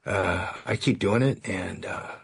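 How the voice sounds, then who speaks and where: A man's voice: low voice, slow. A man from California giving a self-mocking, sarcastic storytelling share at a recovery meeting, acting out the other people in his story. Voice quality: gravelly, husky.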